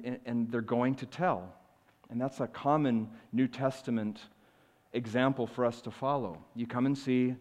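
A male pastor preaching a sermon in a church, earnestly swinging between loud emphasis and quiet, confiding asides. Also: mid-range voice. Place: church sanctuary. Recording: long reverb of a large hall.

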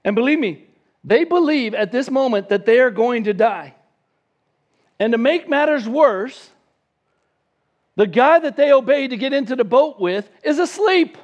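A man preaching a sermon as pastor, lively, acting out quoted voices. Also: extremely high pitch, a little slow, pauses often, dull audio. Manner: animated, acts out the disciples' voices.

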